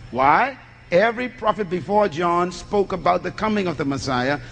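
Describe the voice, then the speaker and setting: High-voiced man preaching in a reverberant hall. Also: expressive, normal speed, gravelly, a bit bright, a little hiss or hum. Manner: teaching sermon, poses questions and answers them himself; reads scripture aloud and explains it. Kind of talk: sermon.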